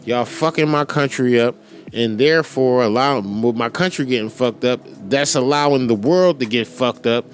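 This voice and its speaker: A man's voice: mid-range voice, normal speed. Profane ranting podcast host, man. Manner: profane, ranting, laughing often. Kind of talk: profane casual rant. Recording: loud background noise.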